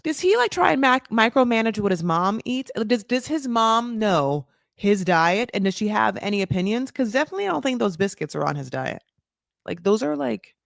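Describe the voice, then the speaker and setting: Gossipy woman with a gravelly voice. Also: mid-range voice, dry recording, clean studio sound. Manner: gossipy, sarcastic, swears, lots of "like" fillers. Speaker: podcast host recapping a reality show. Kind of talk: casual chatty recap.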